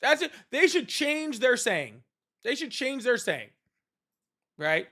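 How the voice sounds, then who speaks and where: A man's voice: extremely high pitch, big pitch swings, slow pace, long pauses, sharp tone. A man hosting a live call-in debate stream, ranting casually in a sarcastic, mocking way and swearing freely. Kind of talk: casual livestream rant.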